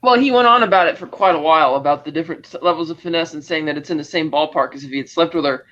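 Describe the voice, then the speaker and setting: A man's voice: fairly high pitch, rapid-fire, a bit bright, muffled recording. A man co-hosting a podcast, retelling film scenes in casual chat, chuckling as he acts out the characters' lines. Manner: narrates scenes, acting out quoted lines with chuckles. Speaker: podcast co-host.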